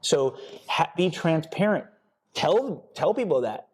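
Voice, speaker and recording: A man's voice: a little high, big pitch swings, slow pace, a little mellow, husky. Blunt, swearing male podcast host. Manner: blunt, frequent swearing, emphatic repetition. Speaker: podcast host and personal trainer. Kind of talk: casual motivational podcast talk.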